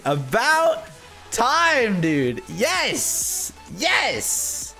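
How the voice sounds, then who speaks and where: A man giving live gameplay commentary, excitable and self-mocking, going from muttering to shouting. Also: sits high, extremely slow, faint music behind. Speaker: gaming video creator.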